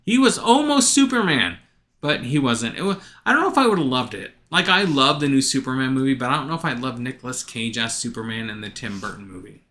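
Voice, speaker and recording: Lively, bright-voiced joking man. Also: mid-range voice, fast talker, few pauses. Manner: playful, jokey, tangent-prone. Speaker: podcast co-host. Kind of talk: casual chat.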